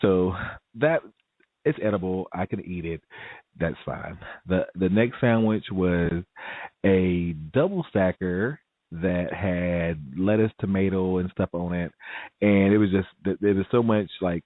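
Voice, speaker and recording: A man telling a story in a casual vlog, animated and laughing often, jumping to a higher pitch to act out what people said. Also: measured pace, dry recording. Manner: animated, laughs often, acts out quoted voices in a high pitch. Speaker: vlogger. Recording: dry, phone-like audio.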